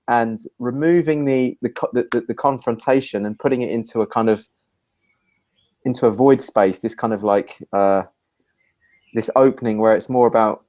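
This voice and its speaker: A man, hosting a talk show and telling a lively personal story in casual conversation. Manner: animated storyteller, rising pitch when acting out his own quoted lines. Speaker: podcast host.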